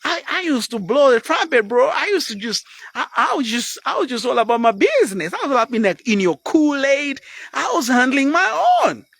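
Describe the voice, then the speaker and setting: A man in his fifties preaches bluntly in a live motivational talk. His pitch swings all over the place as he pushes his point. The sound is close and dry, with no room around it. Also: big pitch swings, normal speed, creaky, no room sound. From Zambia. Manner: blunt, preachy, drops into sudden quiet asides. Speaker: motivational speaker.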